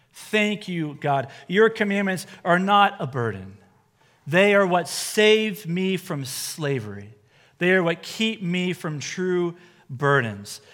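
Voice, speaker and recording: High-voiced man preaching in a reverberant hall. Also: fairly bright tone. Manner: earnest preaching, voice rising and falling with emphasis. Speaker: pastor. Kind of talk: sermon.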